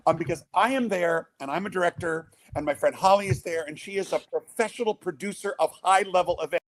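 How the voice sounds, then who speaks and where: An older man with a notably high speaking voice tells a rambling podcast story. He acts out each quoted line as he goes. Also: brisk. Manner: animated storyteller acting out quotes. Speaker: guest, father of the groom.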